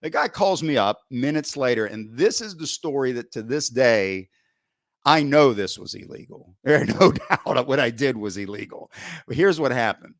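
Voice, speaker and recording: Middle-aged male coach, relaxed storyteller, mid-range voice, dry close sound; fits a podcast guest spinning old sideline tales. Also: medium pitch, moderate pace, dry recording. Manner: lively storyteller, frequent "right?" asides, occasional swearing. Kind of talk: casual anecdote storytelling.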